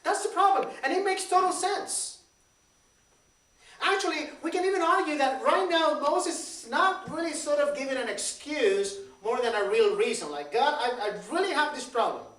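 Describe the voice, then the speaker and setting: A man's voice: very high voice, normal speed. Pastor guy, 30s, chatty sermon, roomy church sound, mic kinda far off. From Puerto Rico. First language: Spanish. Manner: lively, repeats words, questions the congregation. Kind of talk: conversational sermon. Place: church sanctuary. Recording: echoey church, distant mic.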